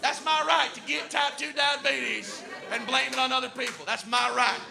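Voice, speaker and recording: A man's voice: extremely high pitch, fairly even intonation, normal speed, gravelly, crowd noise, voice pushed up, exaggerated voice. A man playing an angry American conspiracy believer who rants with heavy profanity. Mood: ranting defiant. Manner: ranting, profane, defiant.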